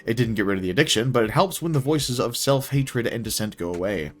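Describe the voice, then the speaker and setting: A man's voice: medium pitch, animated, fast talker, soft background music. A young man reading his own first-person story aloud in a wry, casual way.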